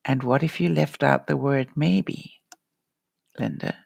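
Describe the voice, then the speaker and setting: Woman life-coach vlogger, very gravelly, dry close sound, encouraging live-stream talk. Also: very deep voice, slow pace, darkish tone, no echo. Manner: earnest, encouraging, addresses viewers by name. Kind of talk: live-stream pep talk answering chat.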